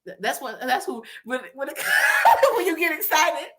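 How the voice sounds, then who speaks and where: A woman with a Southern US accent co-hosting a casual online chat, animated and quick to laugh. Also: high-pitched. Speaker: co-host.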